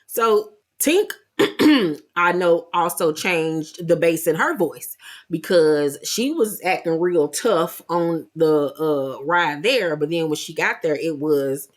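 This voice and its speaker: A woman's voice: low voice, expressive, takes it slowly. A woman giving a blunt, sassy, gossipy recap of a reality show. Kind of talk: casual commentary.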